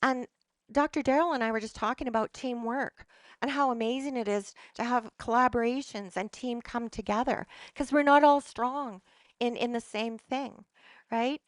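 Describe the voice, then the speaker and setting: A middle-aged woman gives a motivational talk to an audience, earnest and emphatic, and she often restarts her phrases. Her voice sits a little high and comes through smooth and clear. The recording is close and dry. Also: fairly even intonation, moderate pace, dry recording. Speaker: holistic practitioner.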